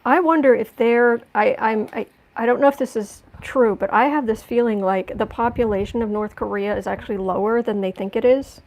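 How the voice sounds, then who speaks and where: A woman's voice: fairly high pitch, fairly quick, hardly any pauses, muffled recording. A woman giving a casual tarot reading, musing aloud and often restarting or repeating words. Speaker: tarot reader.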